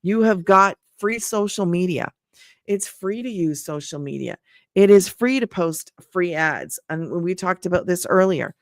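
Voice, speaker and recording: A woman's voice: lowish voice, animated, a little slow, dry recording, clean studio sound. Chatty woman hosting a live stream. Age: older. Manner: chatty, repeats herself, thanks viewers by name. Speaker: livestream host selling an online business program. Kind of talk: casual livestream sales talk.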